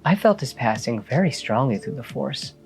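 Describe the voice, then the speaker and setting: A man voicing an eerie, witch-like former Jedi woman in a comic recap, soft and mocking. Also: mid-range voice, sing-song, moderate pace, gravelly, faint music behind, pitched above the performer's own voice. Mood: taunting.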